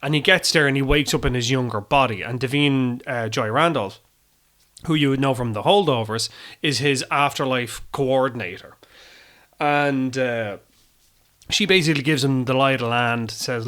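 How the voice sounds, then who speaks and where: A man with an Irish accent hosts a film podcast, chatting casually about movies in a rambling, self-deprecating way, swearing freely and using lots of fillers. His mid-range voice moves at normal speed and sounds a bit bright.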